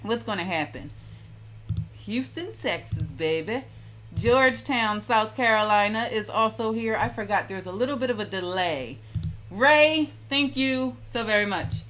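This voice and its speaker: A woman's voice: mid-range voice, expressive, measured pace, a bit bright. A woman from Philadelphia hosting a casual live-stream lotion-making demonstration, chatting and greeting viewers by name. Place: home kitchen.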